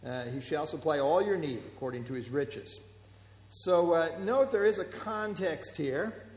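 A man leads a Bible class, walking through the text and quizzing his listeners, his talk full of small fillers. His voice sits a little high for a man. The sound is roomy, with a long reverb trailing off each phrase. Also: unhurried, a little mellow. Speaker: Bible study teacher.

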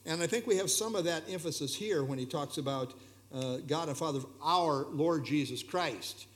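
A man leading an evening Bible study, explaining verses in a relaxed, conversational way with frequent hesitations and fillers. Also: fairly high pitch, normal speed.

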